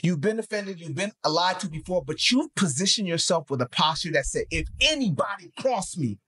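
A man co-hosting a faith podcast, mixing emphatic preaching with animated, slangy storytelling. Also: a little high, fairly quick, slightly rough. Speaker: podcast co-host.

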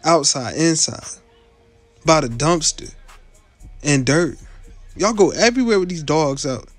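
Lively slangy young man roasting. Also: fairly high pitch, a little slow, no echo, soft background music. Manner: slangy, joking and blunt, with many filler tags. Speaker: YouTuber rating viewers' avatars. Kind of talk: casual reaction commentary.

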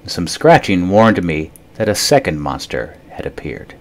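Man reading a picture book in a low, soft voice. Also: sing-song, a little slow. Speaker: storytime reader.

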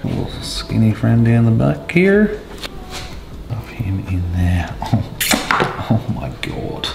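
Excitable, sweary young man. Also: fairly low pitch, slow pace, gravelly, very noisy. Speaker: home cooking vlogger. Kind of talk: casual cooking vlog. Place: home kitchen. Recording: echoey kitchen with music behind.

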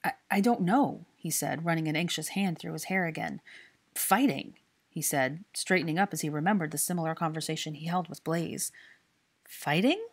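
A woman reading fan fiction aloud in a steady storytelling manner. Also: sits low, fast, hardly any pauses. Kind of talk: scripted narration.

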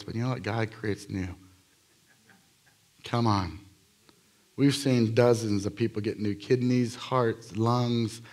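A man preaching a live sermon in a church, telling healing stories in an energetic, jokey, rambling way full of fillers and restarts. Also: mid-range voice. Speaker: guest preacher. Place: church sanctuary.

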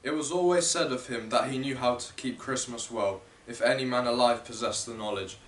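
A young man in his late teens reading a classic story aloud in a steady, measured way, from a distance in an echoey room. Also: medium pitch. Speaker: student reader. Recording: echoey room, distant mic, faint ambience.

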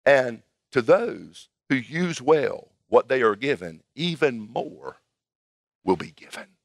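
A man voicing a stern, commanding male king from a parable with slow, forceful pronouncements. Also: medium pitch, very animated, vocal fry, no room sound, studio quality, full character voice. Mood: solemn.

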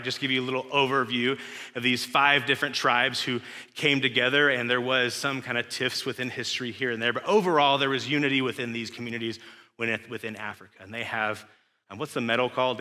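A young West Texan pastor preaches in a loose, conversational way, tossing questions and asides to the congregation. His voice is very bright and forward at a middling pitch. The sound carries a long church-hall reverb. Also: fairly even intonation, fast. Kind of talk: sermon. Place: church sanctuary.

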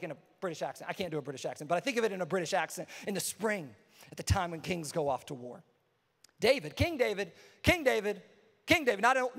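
A man preaching a sermon as pastor, energetic and casual, repeating phrases for emphasis. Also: high voice, vocal fry, big-room sound.

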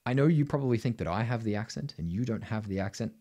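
A man's voice: on the low side, animated, quick pace, warm tone. A middle-aged Australian man teaching singing to camera, emphatic and blunt, ending his points with "right?". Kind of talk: vocal tutorial to camera.

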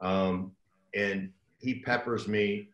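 A man's voice: fairly low pitch, fairly even intonation, slow, fairly bright tone. An older man, a former pro football player, telling a rambling, self-deprecating story as a guest. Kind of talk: casual storytelling. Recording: roomy echo.

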